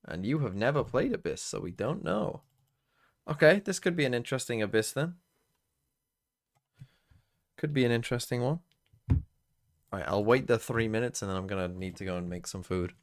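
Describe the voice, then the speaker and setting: A man's voice: mid-range voice, animated, normal speed, pauses often. A man streaming casually, muttering to himself and swearing often as he plays along. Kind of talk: casual live-stream commentary.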